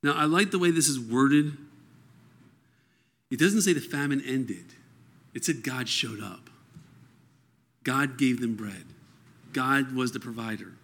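A man's voice: medium pitch, measured pace, long pauses, fairly bright tone. Man teaching through a Bible passage. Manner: reads scripture aloud, then explains it conversationally.

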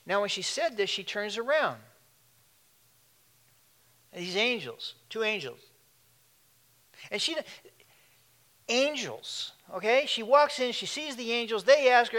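A man's voice: very high voice, lively intonation, moderate pace, long pauses, pushed and bright. A man preaching a sermon in a conversational way, with asides and questions to the congregation. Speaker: pastor.

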